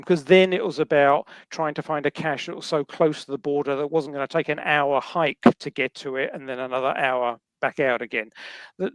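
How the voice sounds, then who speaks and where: Kiwi guy, bit high voice, rambling chatty storyteller, dry sound. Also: dry recording. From New Zealand. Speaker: guest. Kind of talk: casual podcast chat.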